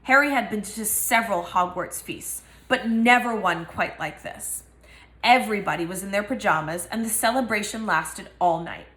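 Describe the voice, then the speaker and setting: A woman's voice: medium pitch, normal speed, fairly bright tone, reverberant. A woman reading a novel aloud and giving each character a voice. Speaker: reader.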